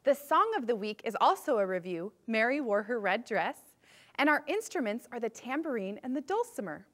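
A woman teaches a children's music class with a high, bright-pitched voice. Her speech rises and falls with lots of animation. She stays upbeat as she leads the children through movement warm-ups. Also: big pitch swings, normal speed.

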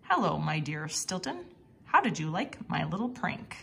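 A woman's voice: deep voice, sing-song, normal speed, creaky, slight background noise, pitched below the performer's own voice, exaggerated voice. A woman voicing a playful male mouse detective who loves pranks, in a storybook read-aloud. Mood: teasing. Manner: teasing, coaxing.

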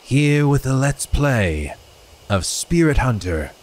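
A man doing a high, stretched-out falsetto voice as a silly intro character. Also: very animated, slow pace, a little hiss or hum. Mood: goofy. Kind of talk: comic put-on intro voice.

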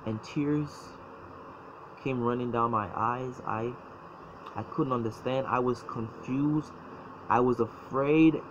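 A man telling his personal faith story, halting and emotional, often repeating words as he speaks. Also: mid-range voice, fairly even intonation. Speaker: former church member telling his story. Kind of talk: personal testimony. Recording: dull lo-fi sound, faint noise.

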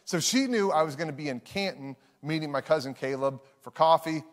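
A man's voice: a little high, fairly quick. A man, preaching a sermon in a conversational, self-deprecating storytelling way to a live congregation. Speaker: pastor.

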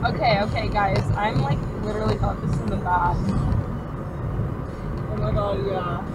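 A young woman riding as a rideshare passenger, loud and giddy, shouting answers and swearing. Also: mid-range voice, steady tone, normal speed, recorded from a distance. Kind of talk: rowdy casual chatter. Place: inside a car at night. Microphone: dashboard camera. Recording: loud car noise, dashcam audio.

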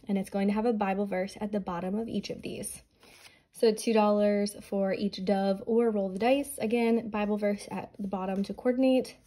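A pregnant young adult woman, slightly out of breath, chats casually and reads scripture on her budgeting vlog. Her medium-pitched voice is soft, earnest, and prayerful, though the audio quality is poor.

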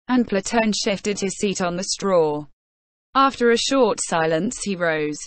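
A woman reading a classic novel aloud as an audiobook, in an even, unhurried way. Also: medium pitch, no echo. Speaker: audiobook reader.

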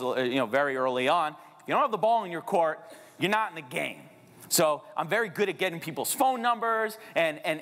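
A man in his thirties tells a story on stage with a high, swooping voice that leaps even higher as he acts out each exchange. His lines ring out with the long reverb of a big theater hall. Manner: acts out quotes, jumping his voice up when excited. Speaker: keynote speaker and realtor. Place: large theater.

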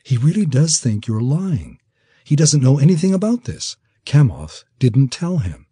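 A man's voice: mid-range voice, sing-song, measured pace, dark tone, breathy edge, dry recording, studio quality, voice pushed up, exaggerated voice. A man voicing a sensible young woman. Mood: earnest calm.

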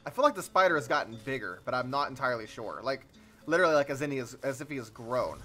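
A young man giving jokey, excitable commentary over a game he's playing, often yelping in surprise. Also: medium pitch, fast, slight background noise. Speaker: let's play host. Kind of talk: gameplay commentary.

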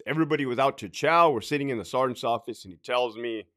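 A man's voice: medium pitch, quick pace, fairly bright tone. A man in his late thirties tells his own career story in a casual vlog, swearing freely and rambling as he keeps tagging his sentences with "right?". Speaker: prison sergeant and veteran telling his career story.

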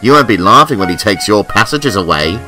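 A man's voice: fairly low pitch, lively intonation, quick pace, music in the background, close to an everyday voice. A man voicing a grumpy, scornful male steam engine who fumes and snorts as he complains. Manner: fuming and snorting.

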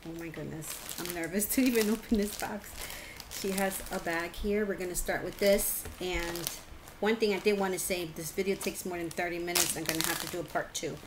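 Woman crafting vlogger, low voice, slow gentle unboxing talk, faint fan hum behind. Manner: slow, gentle, religious and thankful. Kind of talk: casual unboxing chat. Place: hot home room with a fan behind.

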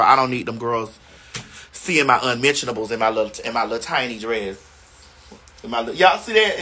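A woman's voice: fairly low pitch, a bit bright, breathy edge. A woman hosting a casual phone livestream from a hotel room, sassy and playful as she chats back to viewer comments. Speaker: livestream host.

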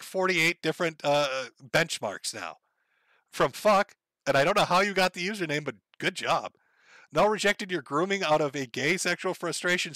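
No room sound surrounds this man's higher-leaning voice. Hosting a casual livestream from Minnesota, he reads out viewer donations with flat wryness and sardonic, profane remarks.

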